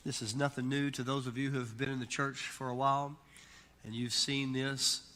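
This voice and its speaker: A middle-aged man preaching a sermon, emphatic and telling stories, building to loud peaks. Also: medium pitch, little pitch movement, normal speed, slight background noise. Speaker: pastor. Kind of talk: sermon with storytelling. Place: church sanctuary. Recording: long church hall reverb.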